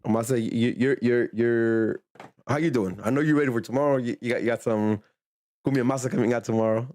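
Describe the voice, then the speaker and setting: A man hosting a fan podcast in relaxed casual chat, often repeating words as he starts sentences. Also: mid-range voice, brisk. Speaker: podcast host.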